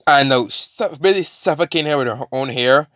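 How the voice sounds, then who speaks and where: A man's voice: medium pitch, normal speed, fairly bright tone, no room sound, clean studio sound. A man casually retelling a fan-made story, rambling with many fillers and restarts.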